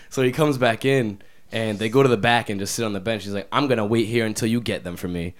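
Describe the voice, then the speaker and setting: A young man with a slightly low voice tells a story from his retail job in loose, rambling casual chat. He leans hard on filler words and restarts his sentences as he goes. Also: fast talker. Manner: rambling, heavy use of "like", restarts.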